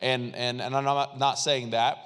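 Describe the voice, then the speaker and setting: A man's voice: medium pitch, flat delivery, measured pace, fairly bright tone, clean tone, big-room sound. A man pastor preaching a sermon in a church, conversational and repetitive, calling on the congregation to respond.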